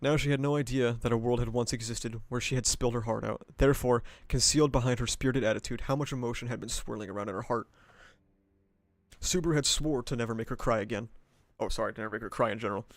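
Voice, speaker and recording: A man's voice: medium pitch, fast talker, no room sound. Profane man reading aloud on stream. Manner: casual and profane, breaking into laughs and asides. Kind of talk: reading a novel aloud with live reactions.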